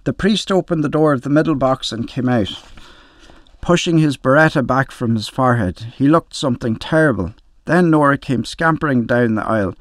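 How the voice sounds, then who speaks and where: An older man narrates a short story in a wry, storytelling way. His pitch is middling for a man. The recording is dry and close. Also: moderate pace, dry recording. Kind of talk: audiobook story reading.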